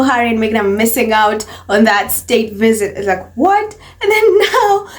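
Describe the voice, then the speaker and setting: A woman's voice: on the high side, distant mic. A woman hosting a celebrity gossip commentary, mocking in tone, repeating phrases for emphasis. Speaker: commentary channel host.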